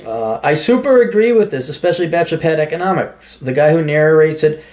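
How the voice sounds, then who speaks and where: A man's voice: a little high, lively intonation, brisk, darkish tone. A man hosting his own show, reading out listener comments and answering them in a sarcastic, rambling, self-mocking way. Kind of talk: casual solo commentary.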